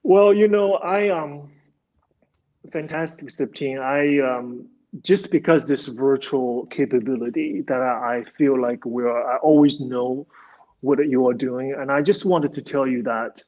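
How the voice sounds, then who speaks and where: A man's voice: mid-range voice, a little mellow. Earnest man on a dull lo-fi line. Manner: earnest, halting, grateful, with restarts. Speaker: podcast host, former dancer. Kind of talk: casual interview chat. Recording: dull lo-fi sound.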